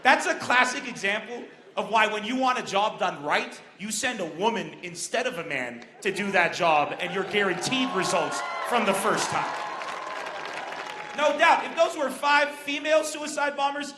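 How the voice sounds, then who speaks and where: A man from Lebanon doing a brash, animated stand-up comedy set on an outdoor festival stage, speaking into a stage microphone. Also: high-pitched, normal speed, background noise. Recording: echoey open-air stage with crowd.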